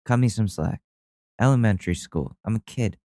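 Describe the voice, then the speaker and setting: Solo podcast host, male, low-ish clean voice, dry close sound, rambles and laughs at himself. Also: moderate pace, warm tone, dry recording. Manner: rambling, self-deprecating, many restarts and fillers. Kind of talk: casual storytelling monologue. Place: at home.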